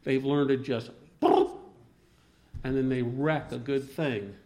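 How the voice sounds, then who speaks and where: A man leading an informal Bible discussion, rambling and halting with many restarts as he quotes scripture. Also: medium pitch, steady tone, dark tone.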